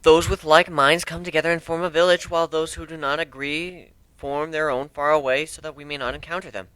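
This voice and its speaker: A man's voice: fairly high pitch, fairly even intonation, brisk, pushed and bright, clean tone, no echo, rough recording. A man putting on a fierce cat-woman warrior. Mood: earnest. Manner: accusing, hissing, proud formal speech.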